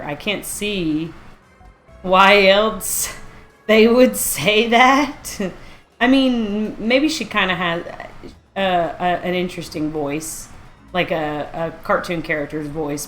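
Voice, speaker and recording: A woman streaming a video game live, chatting casually and rambling as she reacts aloud to what she sees. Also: on the low side. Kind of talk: casual live-stream chat while playing.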